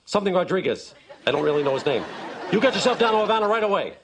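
A man's voice: very animated, some chatter behind. A man voicing a big, blustery male baseball team owner in a noisy sitcom clip. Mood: scheming. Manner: rambling, booming and rapid.

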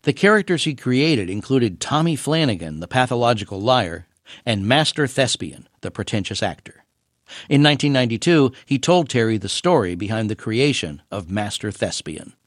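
Measured male radio host reading. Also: mid-range voice, very animated, no echo, clean studio sound. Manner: measured, informative. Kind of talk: scripted radio narration. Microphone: studio microphone.

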